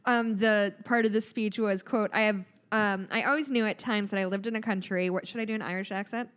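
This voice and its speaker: A woman's voice: medium pitch, fairly even intonation, fairly quick, fairly bright tone, clear, resonant tone. A woman in her thirties, co-hosting a podcast, talks through stories in a casual, rambling way with plenty of fillers and laughs. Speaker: podcast co-host. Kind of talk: casual chat.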